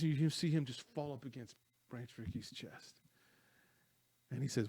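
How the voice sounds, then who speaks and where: Animated man retelling film scenes. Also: medium pitch, normal speed, pauses often, husky, no room sound. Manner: animated storyteller, retells scenes with acted quotes. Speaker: co-host of a movie talk show. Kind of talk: casual movie chat.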